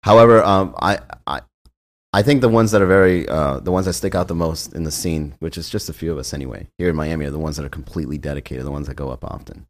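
A man with a very low voice chatting on a podcast. He tells his stories in a laid-back way, cursing casually. He talks about the comics he books. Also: fast talker. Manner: laid-back, profane storytelling. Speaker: comedy show booker and podcast host. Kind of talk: casual chat.

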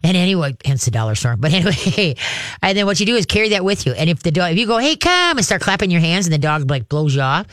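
A fairly high-pitched man gives casual, hands-on dog-training instruction. He is animated and often jumps into excited calls and claps to a dog. His voice is close and dry, with no room echo. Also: fast talker.

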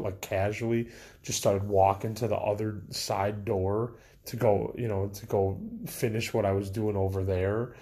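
A man's voice: on the low side, darkish tone. A young man casually telling a countdown of personal stories, rambling with lots of fillers and restarts. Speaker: vlogger. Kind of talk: casual storytelling to camera.

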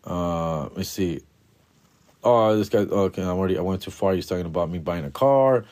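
A man's voice: deep voice, brisk, a little mellow. Young man, podcast host, casual solo chat, slang-heavy, profane, mumbling asides. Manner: loose and profane, full of slang like bro, fool, dog; mumbles while searching through notes.

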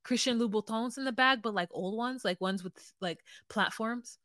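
A woman's voice: on the high side, moderate pace, fairly bright tone, dry recording, studio quality. A woman co-hosting a podcast, recapping a reality show in rambling, giggly casual chat. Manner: rambling, giggly, restarts sentences. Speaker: podcast co-host.

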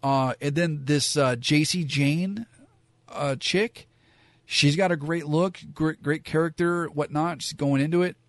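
A man's voice: a little high, measured pace, no room sound. A man giving frank, rambling opinions in a casual monologue, full of fillers and asides. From Southern California. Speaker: wrestling commentator.

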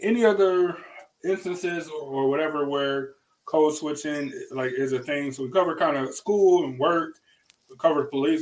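A man's voice: a little high, rough recording. A man hosting a casual chat who talks emphatically, laughs often and repeats his words. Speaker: podcast host.

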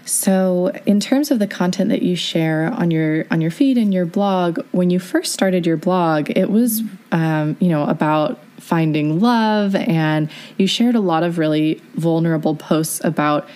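Low-voiced chatty young woman host. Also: a little slow, few pauses, darkish tone. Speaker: podcast host. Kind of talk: casual interview chat.

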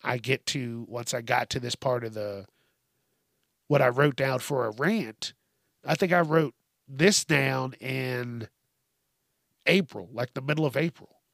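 A man's voice: medium pitch, unhurried, gravelly, pauses often, a bit bright, dry recording, clean studio sound. A man hosting a podcast, ranting with heated, sweary sarcasm. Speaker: podcast host. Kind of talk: profane comedic rant.

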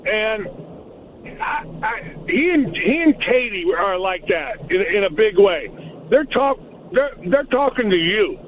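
A man's voice: sits high, expressive, unhurried, a little hiss or hum. Blunt man on a tinny phone line. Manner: rambling, blunt. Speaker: former basketball coach, guest analyst. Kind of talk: casual sports talk.

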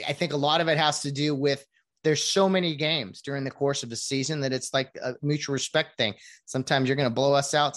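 A woman ranting casually to viewers about sports, rambling with many restarts and asides. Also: a bass voice. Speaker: sports commentator.

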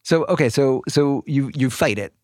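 A man's voice: mid-range voice, moderate pace, darkish tone, no echo, clean studio sound. A man hosting a casual interview, asking joking questions and giving brief responses. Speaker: host.

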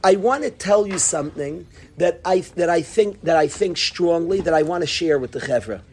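A man's voice: on the high side, normal speed, a little hiss or hum. A man teaching an informal Torah class, acting out dialogues and repeating his phrases. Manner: animated, acts out dialogues, laughs, repeats phrases.

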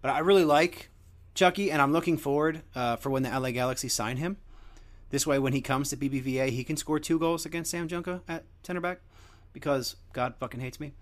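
A man's voice: on the high side, brisk. A young man hosting a show, rambling through a crude, joking casual monologue. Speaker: podcast host.

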